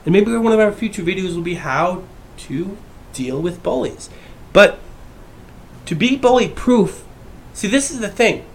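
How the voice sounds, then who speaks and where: Brief: male YouTuber, rather high voice, brash and profane casual rant. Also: animated, measured pace, long pauses, a little hiss or hum. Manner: profane, brash, swings between shouting and mumbling. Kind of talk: casual ranting monologue.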